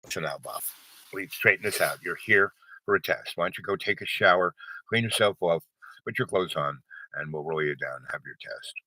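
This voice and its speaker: A man voicing a calm senior male hospital executive, speaking low and hushed in a soothing way. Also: brisk, no echo, poor audio. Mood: placating.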